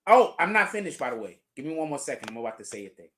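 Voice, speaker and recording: A man hosts a livestream commentary show, reading out the chat and answering it. His voice swings widely up and down in pitch as he leans hard on his points. He sounds incredulous and emphatic, and laughs between remarks. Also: very animated, racing, pushed and bright, slight background noise. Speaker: show host.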